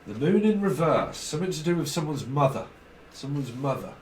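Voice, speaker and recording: A man's voice: a little high, big pitch swings, a little fast, a little mellow, reverberant, distant mic, slight background noise, low-quality recording. A man giving a casual tarot reading, rambling and blunt, swearing freely. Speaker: tarot reader.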